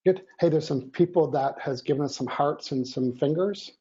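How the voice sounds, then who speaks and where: A man's voice: fairly high pitch, normal speed, warm tone. A man co-hosting a live online show, chatting and joking while he reads out viewers' names and greetings. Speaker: co-host. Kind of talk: live-stream show chat. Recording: dull lo-fi stream audio.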